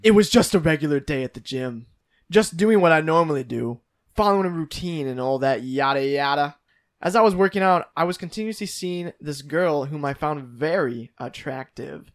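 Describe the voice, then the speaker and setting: A man co-hosting a comedy podcast who reads listener posts aloud, animated and playful, with sudden loud outbursts. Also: fairly high pitch, normal speed. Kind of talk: casual comedic chat, reading aloud.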